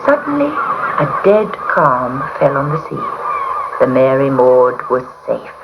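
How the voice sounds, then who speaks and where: Expressive woman reading a storybook aloud. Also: a bass voice, a little slow. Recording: muffled recording with hiss.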